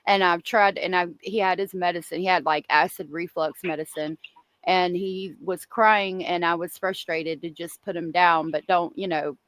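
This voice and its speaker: A woman chatting casually as a podcast co-host, agreeable and quick to affirm. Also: fairly low pitch, steady tone, a bit bright, no echo, poor audio. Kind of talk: casual chat.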